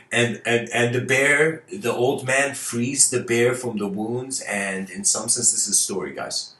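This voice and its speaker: A man's voice: medium pitch, fairly even intonation, unhurried, fairly bright tone, roomy sound. A man whose first language is Persian, talking casually to viewers, rambling through fables with frequent laughs and restarted words.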